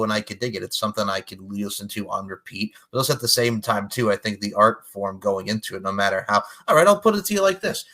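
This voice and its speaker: A man hosting a podcast in an animated, slangy casual chat full of pop culture references. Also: fairly low pitch. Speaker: podcast host.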